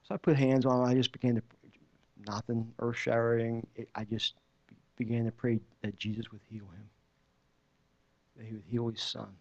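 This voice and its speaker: A man's voice: medium pitch, level tone, normal speed, long pauses, darkish tone. A man giving a personal testimony at a church service, telling his story in a loose, conversational way with many restarts. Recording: dull muffled recording.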